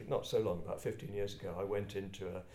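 An older English man from Kent telling personal stories to a group in a reflective, halting, self-deprecating way. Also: deep voice, flat delivery, warm tone. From England, Kent. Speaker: speaker addressing a group. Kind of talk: personal storytelling talk. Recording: roomy echo.

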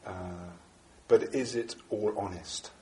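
A man with a congested, bunged-up voice from a cold, giving a Buddhist dharma talk to a group in a halting way with many fillers and restarts. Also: fairly low pitch, steady tone, a little mellow, slight background noise. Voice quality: bunged up, nasal. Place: echoey room with a small audience. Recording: echoey room recording.

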